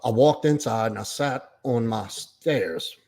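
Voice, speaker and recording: A middle-aged man telling a painful personal story on a podcast, halting and choked up at times. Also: medium pitch, darkish tone.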